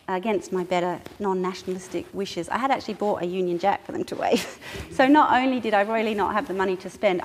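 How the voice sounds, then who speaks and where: A middle-aged woman sharing a personal anecdote in a training talk, acting out what people said and laughing often. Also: mid-range voice. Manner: lively storyteller who acts out quotes and laughs often. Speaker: staff trainer. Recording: echoey hall with faint noise.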